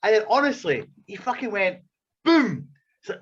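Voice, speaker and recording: A man's voice: high-pitched, normal speed, muffled recording, slight background noise. A man, a wrestler telling backstage stories in casual, profane chat and acting out the people in them. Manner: profane, animated storyteller acting out quotes. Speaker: wrestler and podcast regular.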